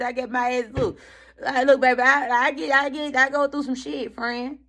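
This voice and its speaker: A woman giving casual motivational talk as a tarot reader, animated and slangy, swearing freely and calling her listeners friend. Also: high voice, moderate pace, crowd noise. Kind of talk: casual motivational chat to viewers.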